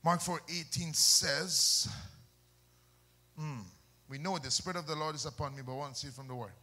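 A male preacher, delivering a fiery sermon, shouting and then dropping to soft asides, with call-and-response questions. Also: fairly high pitch, fairly even intonation, normal speed. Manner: swings between loud shouts and soft asides.

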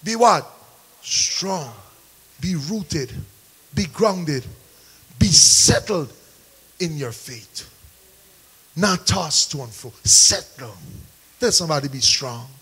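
High bright preacher, husky edge. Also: male voice, expressive, slow, long pauses, low-quality recording. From Caribbean. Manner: call-and-response preaching, rising to shouts. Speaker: pastor. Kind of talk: sermon.

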